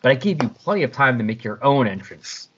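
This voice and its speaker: A podcaster voicing a calm, precise male alien hero who speaks in a measured way, through a dull lo-fi recording. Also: mid-range voice, a little hiss or hum, close to an everyday voice. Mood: matter-of-fact. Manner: measured, matter-of-fact.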